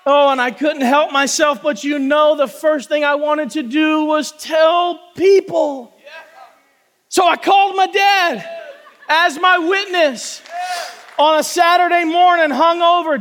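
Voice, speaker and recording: Very high-voiced preacher in an echoing hall. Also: male voice, fairly even intonation, slow pace, some chatter behind. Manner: passionate, shouting at peaks, folksy "y'all". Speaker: pastor. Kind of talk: sermon testimony. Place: church sanctuary with congregation.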